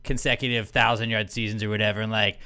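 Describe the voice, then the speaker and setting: A man's voice: on the low side, little pitch movement, fast talker, bright, forceful tone, clear, resonant tone. A young man co-hosting a podcast, riffing with jokes and casual swearing. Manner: jokey, riffing banter with swearing. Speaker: podcast co-host. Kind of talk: casual chat.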